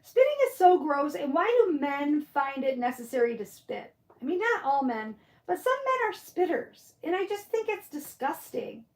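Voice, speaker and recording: Reading her viewers' chat during a craft livestream, this middle-aged Michigan woman with a Michigan accent muses aloud and replies to comments in a casual, chatty manner. Her high-pitched, sing-song voice moves at normal speed with hardly any pauses, and the sound is roomy.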